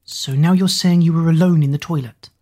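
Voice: medium pitch, steady tone, fairly quick, a little mellow, lightly acted. Narrator doing a prim, nosy schoolteacher. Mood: probing. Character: prying middle-aged woman teacher, patronising.

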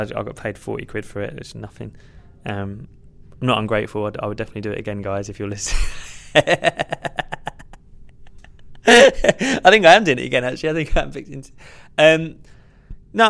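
In an earnest, conversational podcast interview, a young adult comedian rambles through his answers, putting himself down and restarting often. He has a lowish, creaky voice that's a bit bright, clear and resonant.

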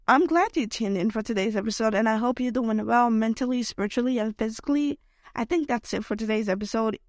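A woman's voice: on the high side, fairly quick, dry recording. A young woman talks alone into a close mic, her voice worn down because she is feeling sick. She rambles in a loose, emotional way, tagging her thoughts with "like" and "okay?". The sound is dry and close, with no room around it. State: unwell, voice affected by illness. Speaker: podcast host. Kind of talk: solo podcast rant.

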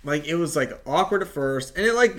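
A man's voice: on the high side, lively intonation, a little fast. A man co-hosting a casual chat, talking in an exasperated, rambling way with lots of filler words.

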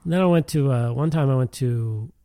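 A man's voice: medium pitch, moderate pace, mellow, dry recording, clean studio sound. A man telling a story in casual chat, rambling with lots of fillers and laughing as he goes.

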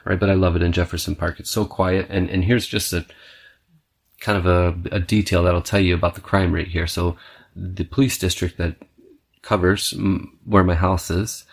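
A man's voice: sits low, flat delivery, normal speed, gravelly. A man hosting a podcast, telling stories in a rambling, profane monologue and punctuating his sentences with "okay.". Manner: restless, self-described scatterbrained. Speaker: podcast host. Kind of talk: casual storytelling monologue.

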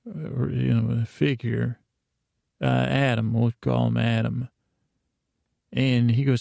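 A man's voice: medium pitch, flat delivery, slow pace, creaky, pauses often, mellow, no room sound, studio quality. A man hosting a show, telling a meandering bedtime story in a drowsy, wandering way. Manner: meandering, drowsy, full of fillers and restarts. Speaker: host.

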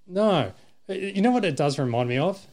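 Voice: mid-range voice, expressive, fairly quick, darkish tone. Giggly, upbeat podcast host. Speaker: podcast host playing clips. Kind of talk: casual chat.

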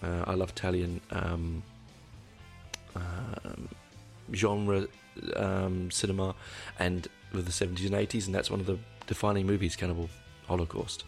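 A man's voice: deep voice, little pitch movement, moderate pace, creaky, darkish tone, faint music behind. A middle-aged man hosting a casual solo podcast, rambling and candid, correcting himself often, with dry asides. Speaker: podcast host.

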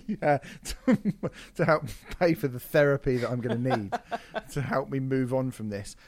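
A man co-hosting a podcast, talking in a casual, animated and mocking way with plenty of swearing. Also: medium pitch, a little slow. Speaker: podcast co-host.

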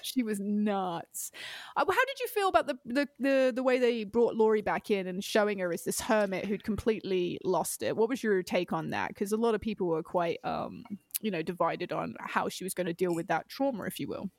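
A woman's voice: mid-range voice, animated, normal speed, no echo. A British woman hosting a podcast, talking in a loose, rambling way and laughing often. Her delivery is playful and over the top, and the sound is dry and close. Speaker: podcast host. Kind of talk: casual chat.

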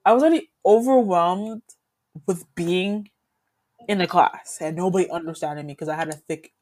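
A young woman co-hosting a podcast, telling a school story in a casual, animated way and laughing as she acts out what people said. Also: on the low side, normal speed. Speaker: podcast co-host.

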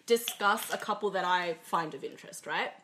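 A woman's voice: fairly low pitch, lively intonation, moderate pace, a bit bright, slight background noise. A young Australian woman hosting a casual podcast chat, often giggling as she talks. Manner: giggly, breaks into fits of laughter. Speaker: podcast host.

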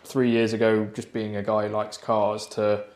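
A man's voice: lowish voice, monotone, moderate pace, darkish tone. A man hosting a podcast, chatting in an office and dropping in short, friendly replies. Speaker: podcast host. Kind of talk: casual chat. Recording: echoey room.

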